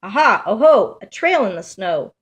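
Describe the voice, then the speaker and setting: A woman's voice: medium pitch, animated, normal speed, a bit bright, close to an everyday voice. A woman voicing a small, curious young female monster who asks eager, questioning things in a sing-song way. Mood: excited.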